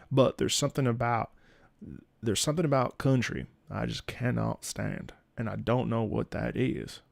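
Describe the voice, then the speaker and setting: A man's voice: mid-range voice, creaky, dry recording. A man streaming, chatting casually about game music, laid-back, swearing freely and often restarting his sentences.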